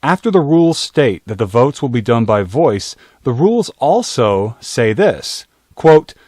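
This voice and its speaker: Male commentator, steady scripted voice-over, mid pitch. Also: unhurried, no echo. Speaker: video commentator.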